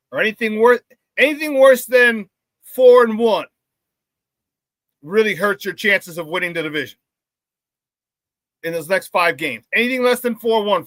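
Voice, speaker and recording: A man hosting a live sports talk show, hyped and loud, with casual slangy banter as he reads out chat shout-outs. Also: high-pitched, dry recording.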